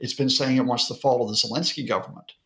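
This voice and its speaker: A man's voice: mid-range voice, fairly even intonation, quick pace, a bit bright. A male professor being interviewed as a guest analyst, explaining at length in a lecture-like way with occasional fillers. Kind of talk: broadcast interview.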